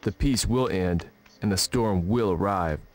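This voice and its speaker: An actor playing a brooding young man in a dubbed video game, speaking in a slow, solemn monologue. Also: deep voice, darkish tone. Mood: earnest brooding.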